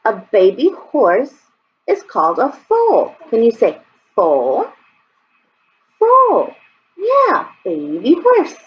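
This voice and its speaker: A woman's voice: fairly high pitch, slow pace. A woman teaching toddlers in a singsong, exaggerated way, recorded with dull lo-fi sound. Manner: exaggerated, animated, sing-song. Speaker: preschool teacher. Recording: dull lo-fi sound, faint background noise.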